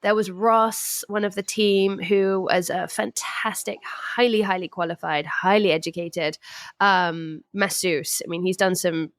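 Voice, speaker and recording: A woman telling stories in a chatty, animated way as a podcast guest. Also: fairly low pitch, a little slow, dry recording. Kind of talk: casual chat.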